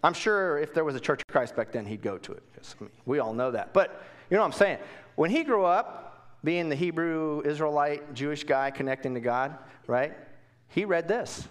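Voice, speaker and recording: A man preaching a Bible lesson in a casual, conversational way, asking questions and swinging from quiet asides to emphatic bursts. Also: a little high, animated, moderate pace. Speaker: pastor. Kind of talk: Bible teaching sermon.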